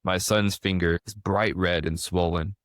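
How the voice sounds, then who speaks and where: A man in his thirties hosting a podcast, telling stories in a lively casual way with frequent restarts. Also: sits low, unhurried, dry recording, clean studio sound. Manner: animated storyteller, frequent restarts. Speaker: podcast host. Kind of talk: casual conversation.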